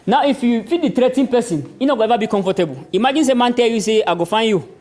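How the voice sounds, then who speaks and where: A young man with a Cameroonian Pidgin English accent gives an animated community lecture, chuckling often as he talks. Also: very high voice, very fast. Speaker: workshop speaker. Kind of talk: community lecture on hate speech. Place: public venue.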